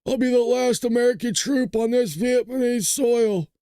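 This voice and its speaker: A man imitating a male army officer from a war film, slow and solemn. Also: extremely high pitch, warm tone, clean tone, dry recording, clean studio sound, voice pushed up. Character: grim male army officer making a vow.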